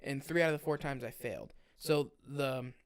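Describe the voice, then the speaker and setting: A man's voice: medium pitch, normal speed, clear, resonant tone. A young man co-hosting a casual podcast, talking bluntly, swearing freely and using many fillers. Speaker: podcast co-host, firefighter.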